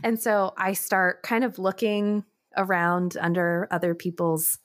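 A young woman telling a story as a podcast co-host, slightly low-pitched, with a lively, laughing delivery. She jumps into high, animated voices when she quotes people. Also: unhurried. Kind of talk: casual chat, storytelling.

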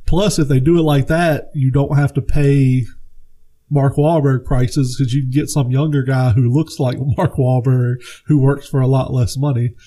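A man co-hosting a casual podcast, telling animated, profane stories and acting out movie scenes. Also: mid-range voice, moderate pace. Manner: animated storyteller, swears freely, acts out movie quotes. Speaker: podcast co-host. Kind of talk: casual chat.

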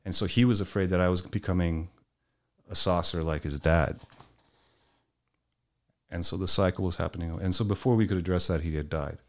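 Swearing freely in a relaxed chat, a man with a very deep, low voice candidly shares personal stories and performs the lines of the people in them. He talks fairly quickly and pauses often.

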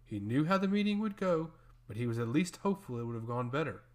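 A man reading a fantasy story aloud as narrator, with an animated reading voice. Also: medium pitch, quick pace.

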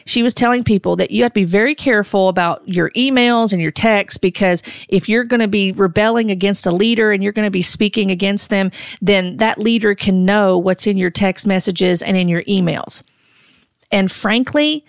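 A middle-aged woman hosting a critical commentary on prophecy videos, speaking earnestly and deliberately, often restarting her sentences. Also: medium pitch, creaky, no echo. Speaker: host.

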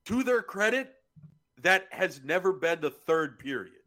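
Cohost guy, bright sharp voice, a bit high, blunt and sweary. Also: big pitch swings, unhurried. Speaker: podcast co-host. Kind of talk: casual podcast chat.

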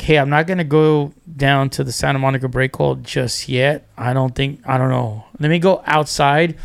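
A man's voice: medium pitch, gravelly. A man chatting as a podcast guest, telling fishing stories animatedly, acting out quotes and restarting often. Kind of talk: casual storytelling.

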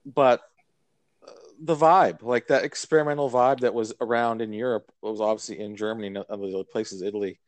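Low-voiced man, rambling record chat. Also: steady tone, moderate pace, no echo. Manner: rambling, many fillers and restarts. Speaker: podcast co-host. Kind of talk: casual chat about records.

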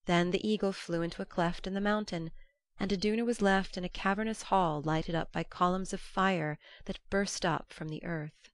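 A woman narrating an old-fashioned storybook in a measured, storytelling manner. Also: fairly low pitch, steady tone, no room sound. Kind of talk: storybook reading.

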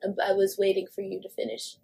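A woman's voice: medium pitch, completely flat delivery, fast talker, vocal fry, dark tone, husky. A woman co-hosting a podcast, chatting casually about celebrity news with lots of fillers and swearing. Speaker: podcast co-host. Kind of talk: casual pop-culture chat.

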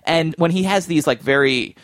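Podcast host, male, a touch high, chatty and keen, dry close-miked sound. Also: normal speed, a bit bright, dry recording. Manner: chatty and enthusiastic, thinking aloud. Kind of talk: casual film discussion.

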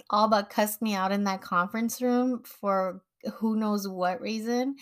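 A young woman recounting a personal story in casual, animated podcast talk. She acts out the voices of the people she quotes, with bursts of laughter. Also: mid-range voice. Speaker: podcast host.

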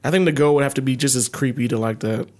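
Man, podcast co-host, casual chat, profane, laughs a lot, from Baltimore area, middle pitch. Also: fast, a little mellow. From Baltimore area, USA. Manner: loose, profane, laughs often.

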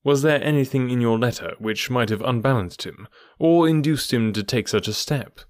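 A man as Sherlock Holmes, bland and measured. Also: medium pitch, no echo, studio quality, close to an everyday voice. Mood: blandly probing. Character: cool, shrewd male detective, middle-aged.

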